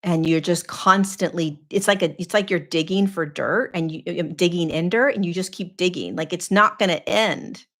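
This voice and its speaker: A woman's voice: on the low side, moderate pace, hardly any pauses, a bit bright. A woman spiritual teacher hosting a live question-and-answer talk, speaking earnestly in a repetitive coaching cadence with frequent fillers. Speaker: spiritual teacher and podcast host.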